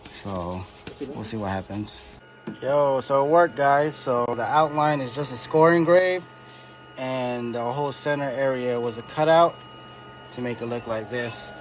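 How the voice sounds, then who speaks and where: A man's voice: mid-range voice, a little slow. A man in a garage workshop, casually explaining a custom car part build step by step, with fillers. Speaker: car body shop builder. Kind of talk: casual how-to narration.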